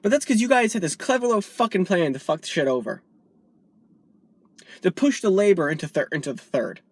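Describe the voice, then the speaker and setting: A woman's voice: on the low side, animated, a little fast, a little mellow, slightly rough, no echo. A woman vlogger delivering a heated, profane political rant, from the United States.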